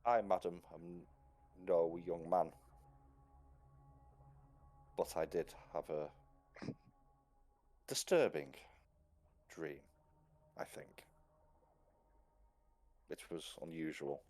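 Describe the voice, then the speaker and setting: A man playing a stiff, formal forty-five-year-old gentleman who speaks in old-fashioned phrases. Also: low voice, slow pace, long pauses, voice pushed down. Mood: uneasy. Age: middle-aged.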